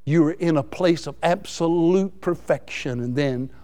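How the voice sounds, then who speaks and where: A man preaching a folksy, excitable sermon. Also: on the high side, a little slow. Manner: excitable, folksy, laughs between lines.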